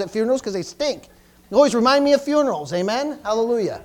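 A man's voice: extremely high pitch, animated, fast talker, a little mellow. A pastor preaching a sermon to his congregation, emphatic and repetitive, stumbling over restarts and calling out for amens. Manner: emphatic, repetitive, stammering restarts, call-and-response. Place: church service.

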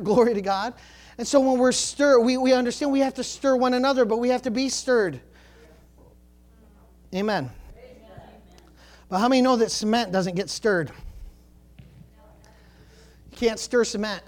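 High-voiced fervent preacher man. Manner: rising to fervent shouting when stirred, dropping low for emphasis; peppers talk with praise the Lord and glory to God. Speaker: pastor. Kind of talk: sermon.

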